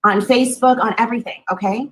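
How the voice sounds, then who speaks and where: A woman hosting a casual stream, telling a gossip story in a rapid, insistent way and piling on details. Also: on the high side, poor audio.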